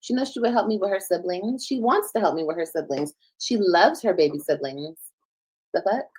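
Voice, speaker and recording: A woman's voice: mid-range voice, lively intonation, a little fast, darkish tone, a little hiss or hum, low-quality recording. A woman in her thirties talking on a livestream, defensive and explaining herself, with the odd cuss word. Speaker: livestreamer being reacted to. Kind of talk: casual livestream talk.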